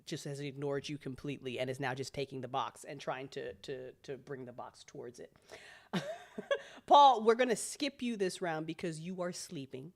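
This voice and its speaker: A woman's voice: extremely low pitch, lively intonation, moderate pace. A woman running a tabletop role-playing game as game master in a loose, laughing, profane way.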